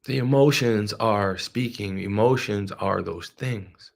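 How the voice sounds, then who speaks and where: A man's voice: on the low side, slow, vocal fry. Male host, devotional talk, earnest, repeats phrases with preacher-like emphasis.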